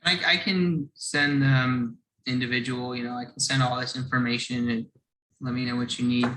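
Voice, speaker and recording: A man's voice: mid-range voice, fairly even intonation, moderate pace, bright, forceful tone, echoey room, low-quality recording. A man presenting a whiskey brand on a video call, explaining earnestly, restarting phrases and chuckling now and then.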